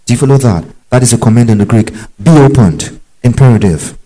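Emphatic preacher man with mellow tone. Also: mid-range voice, expressive, brisk, low-quality recording. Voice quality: emphatic and repetitive, checking in with the listeners. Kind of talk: sermon-style Bible teaching.

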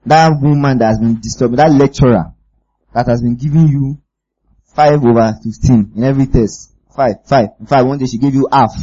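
Husky-voiced male preacher, emphatic. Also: mid-range voice, moderate pace, dark tone, highs cut off. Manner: emphatic, keeps asking the audience if they follow. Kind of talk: sermon.

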